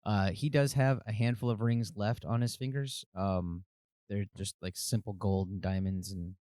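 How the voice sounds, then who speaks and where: A man running a tabletop game as game master, halting with frequent ums and uhs. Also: lowish voice, fairly even intonation, a little mellow, no echo, studio quality.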